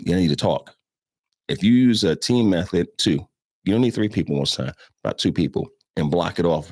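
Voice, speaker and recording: A man's voice: sits low, darkish tone, dry recording, studio quality. A man hosting a show, giving blunt, casual instruction on animal handling and firing off rhetorical questions.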